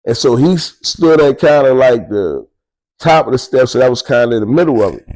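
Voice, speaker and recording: A man's voice: medium pitch, expressive, fairly quick, darkish tone, low-quality recording. An older man with a Baltimore accent telling prison stories in a casual, streetwise, profane way, with chuckles between beats. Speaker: storyteller recounting prison life. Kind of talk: casual storytelling to camera.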